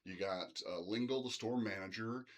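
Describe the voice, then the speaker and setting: A man's voice: lowish voice, moderate pace. A middle-aged man teaching literature in a casual, rambling recorded lecture, full of fillers like "uh" and "um".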